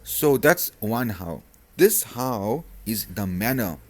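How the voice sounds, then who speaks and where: A man's voice: fairly low pitch, sing-song, slow. A man tutoring a Zulu lesson online, spelling words letter by letter and asking rhetorical questions as he explains.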